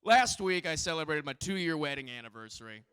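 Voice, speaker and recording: A man's voice: fairly high pitch, lively intonation, fairly quick, background noise. A man in his thirties doing a loose, profane stand-up set on a live comedy stage into a handheld mic. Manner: loose, profane and rambling, with frequent filler restarts.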